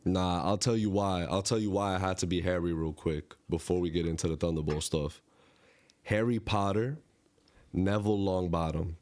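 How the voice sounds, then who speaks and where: A man's voice: deep voice, fairly even intonation, moderate pace, a little mellow. A man co-hosting a casual podcast, joking around and repeating catchphrases with friends. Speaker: podcast co-host. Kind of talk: casual chat among friends.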